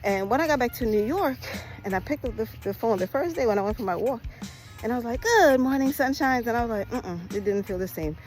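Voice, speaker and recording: A woman from Jamaica vlogging casually on a beach at sunrise, talking fast and chatty with laughs, recorded on a phone at arm's length. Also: on the high side, a little mellow, soft background music, poor audio. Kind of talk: casual walking vlog.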